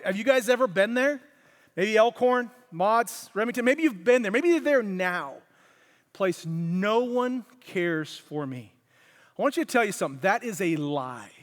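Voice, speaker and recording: Guy preaching in a church, high voice, big hall echo, chatty and lively. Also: brisk. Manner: conversational, animated, acts out quotes. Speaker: pastor. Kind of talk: sermon. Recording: long hall reverb.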